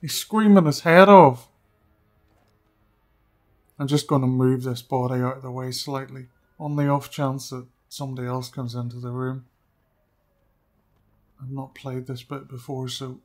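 A man giving casual gameplay commentary, chatty and often dropping to quiet muttering as he sneaks around. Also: medium pitch, completely flat delivery, normal speed, long pauses. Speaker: let's play gamer.

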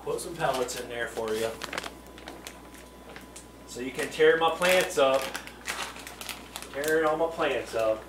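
A man's voice: mid-range voice, takes it slowly, long pauses, background noise. A middle-aged man hosting a casual livestream from his home fishroom, rambling along as he answers viewer chat and chuckles now and then. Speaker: livestream host.

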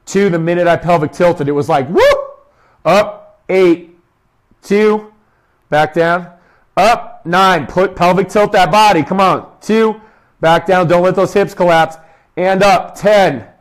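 A man's voice: high voice, takes it slowly. A young man, a fitness coach, leading a guided exercise session, counting reps aloud and giving short, upbeat cues. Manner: talks quietly to avoid shouting into the mic.

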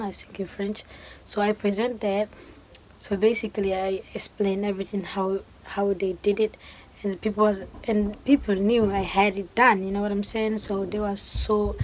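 A woman's voice: mid-range voice, poor audio. A woman in her twenties from Guinea, chatting casually to camera and acting out the exchanges she tells about. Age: 20s. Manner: animated storytelling, acting out quoted exchanges. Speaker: vlogger. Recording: faint background noise.

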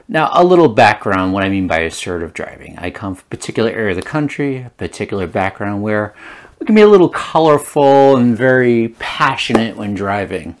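A man's voice: lowish voice, big pitch swings, fairly quick, slight background noise. A man from Rhode Island telling a playful story in a vlog. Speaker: vlogger.

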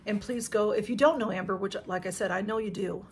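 This female vlogger speaks a little fast in a mid-range voice, with slight background noise. Casually unboxing on camera for YouTube, she gushes emotionally and thanks everyone many times.

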